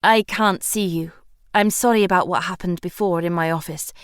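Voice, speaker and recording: A woman voicing a solemn woman in her forties who speaks in short, flat, monotone answers. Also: fairly low pitch, normal speed, clean tone, no echo, studio quality, lightly acted.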